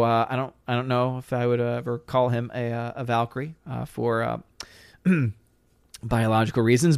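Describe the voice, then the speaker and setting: A man hosting a live stream, reading viewer comments aloud and reacting in an animated, joking way. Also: mid-range voice, smooth, no room sound, studio quality. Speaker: livestream host reading chat. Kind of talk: casual live-stream chat.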